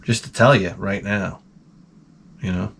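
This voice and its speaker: A man's voice: low-pitched, a little slow, creaky, slight background noise. A man hosting his channel, telling rambling comic stories full of swearing and muttered asides. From United States. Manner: profane, animated, drops to mutters for asides. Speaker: channel host. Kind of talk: rambling comedic storytelling.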